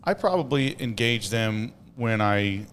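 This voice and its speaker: A man's voice: on the low side, lively intonation, measured pace, fairly bright tone, slight background noise. A man co-hosting a casual podcast chat, explaining things steadily with frequent "uh" fillers. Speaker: co-host.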